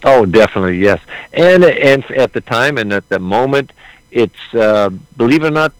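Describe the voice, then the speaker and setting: A man's voice: medium pitch, lively intonation, normal speed, smooth, no echo, rough recording. A man being interviewed about playing a historical figure, answering earnestly with hesitant restarts. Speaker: actor portraying Lincoln, interview guest.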